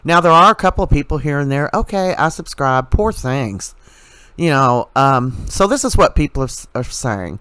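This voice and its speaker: A man's voice: medium pitch, expressive, normal speed, a bit bright, smooth, dry recording. Sarcastic ranting man, dry close sound. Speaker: commentary channel host. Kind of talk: casual commentary vlog.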